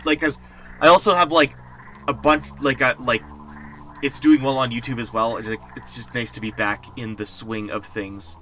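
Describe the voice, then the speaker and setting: A man live-streaming an online game, talking excitedly and rambling to his viewers, laughing often. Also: medium pitch, moderate pace, a little hiss or hum. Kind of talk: live gameplay stream chat.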